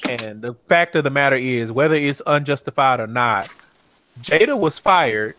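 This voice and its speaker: A man co-hosting a podcast recap in casual chat, blunt and profane, with animated rants. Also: medium pitch, normal speed, a little hiss or hum. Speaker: podcast co-host.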